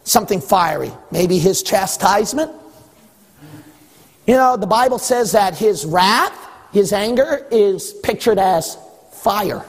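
A man delivers a sermon in a high, husky voice, pressing each point and climbing to shouts. His voice carries a long reverberation, as in a church hall. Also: lively intonation, slow. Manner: emphatic, rising to shouts, acts out voices of God and listeners. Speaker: pastor.

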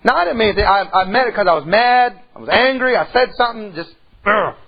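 A middle-aged man preaching a sermon in church, telling a folksy story and swinging from soft to loud. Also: high voice, animated, fast, highs cut off. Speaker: pastor.

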